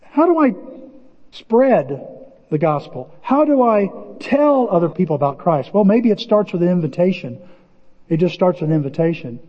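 A man preaching with a high, lively voice that jumps around as he tells a story. The voice is husky, and the sermon is heard through dull, lo-fi audio with a long reverb from a church sanctuary. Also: moderate pace. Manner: animated, storytelling, shouting bursts of excitement. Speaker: pastor.

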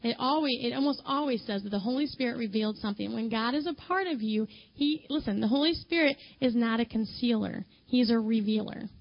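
A woman's voice: a little high, gravelly, dull audio. A woman who is a mother speaks to a women's group in a chatty, conversational sermon, addressing her listeners directly and filling her talk with "you know".

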